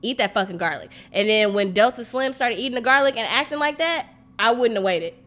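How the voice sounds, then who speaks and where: A woman co-hosting a podcast, talking in a frank, animated way, swearing freely and leaning on "like" a lot. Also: a little high, brisk. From family roots in Mississippi and Louisiana. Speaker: podcast co-host. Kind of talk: casual podcast chat.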